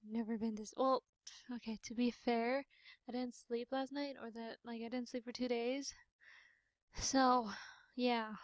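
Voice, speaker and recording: A tired young woman giving hushed, rambling, offhand commentary while playing a game at home. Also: fairly high pitch, steady tone, a little slow, no echo. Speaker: gameplay narrator. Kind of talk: casual let's-play commentary. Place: home room with roommates nearby.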